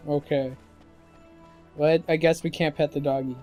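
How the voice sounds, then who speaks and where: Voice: medium pitch, little pitch movement, normal speed, long pauses, a little mellow. A let's-play commentator tossing off sarcastic, joking remarks while playing. The tone is loose and casual, with game music faintly underneath.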